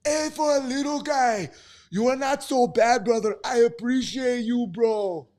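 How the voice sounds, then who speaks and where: A man putting on the voice of a loud, friendly male fighter. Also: very high-pitched, unhurried, voice pushed up. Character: booming burly male fighter with a thick accent.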